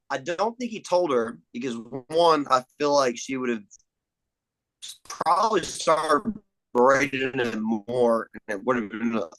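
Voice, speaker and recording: A man's voice: mid-range voice, a bit bright, low-quality recording. A young man in casual podcast chat, swearing freely and acting out movie lines. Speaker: podcast guest.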